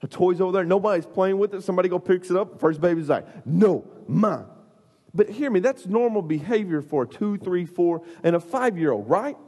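Man, youth preacher, slightly high and husky, animated and funny, long hall reverb. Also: fairly quick, few pauses. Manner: animated, comic storytelling with lots of fillers. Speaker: youth pastor. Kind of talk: storytelling sermon.

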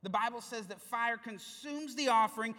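A man preaching to a congregation, his high voice carrying through a large church hall. He tells the story in a lively, playful way, and the sound is bright with a long echo trailing off. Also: moderate pace. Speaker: pastor. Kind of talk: sermon.

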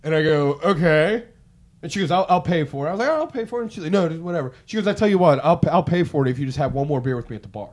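A man's voice: fairly high pitch, racing. A man telling a long story in casual chat, rambling and profane, acting out what people said. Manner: rambling, profane, animated, acts out quotes. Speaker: podcast co-host telling a story.

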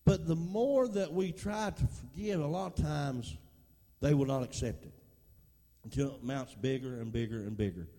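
A man's voice: mid-range voice, moderate pace, warm tone. A middle-aged man preaching a folksy sermon, calling out to the congregation. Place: church. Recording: long hall reverb.

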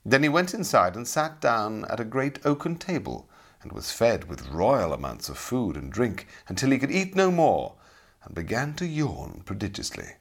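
A middle-aged man narrating a storybook in an expressive, dramatic way. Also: medium pitch, moderate pace. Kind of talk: audiobook storytelling.

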